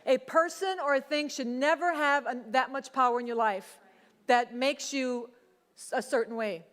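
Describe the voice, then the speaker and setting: A woman's voice: sits high, moderate pace, long reverb tail. A woman pastor preaching a sermon in a conversational way, slipping into quoted voices.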